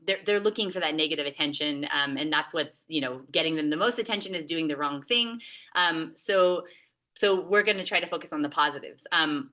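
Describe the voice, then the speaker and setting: A woman's voice: lowish voice, sharp tone. A woman giving a recorded teaching presentation on classroom behavior, talking conversationally with frequent hesitations and filler sounds.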